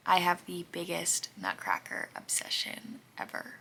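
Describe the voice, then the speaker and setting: Woman rambling on her vlog, lots of likes, kinda fry-y, bright tone. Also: lowish voice, unhurried, hardly any pauses, slight background noise. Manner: rambling and gushing, heavy use of "like". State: out of breath. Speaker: vlogger. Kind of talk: casual chatty vlog.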